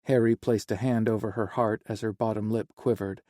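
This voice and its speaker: A man reading a romance novel aloud in an even, unhurried way as an audiobook narrator. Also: lowish voice, dry recording, clean studio sound. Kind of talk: scripted narration.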